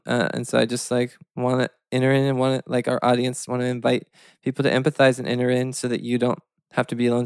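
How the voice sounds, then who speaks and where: A man co-hosting an interview podcast, speaking earnestly and haltingly, restarting his sentences as he reflects. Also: medium pitch, vocal fry, clean tone, no echo. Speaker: podcast co-host.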